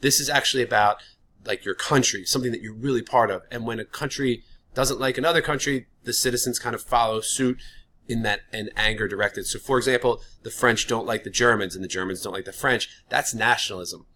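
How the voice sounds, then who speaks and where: Casual, bright-voiced male teacher. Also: mid-range voice, fairly quick. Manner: casual and chatty, with many "like" fillers. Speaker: history teacher. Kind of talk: classroom lecture.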